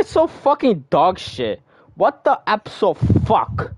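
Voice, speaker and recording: A young man giving loud, swearing, exasperated commentary while playing a game. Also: sits high, huge pitch swings, takes it slowly, breathy edge, dry recording. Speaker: gamer streamer. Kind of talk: casual gameplay commentary.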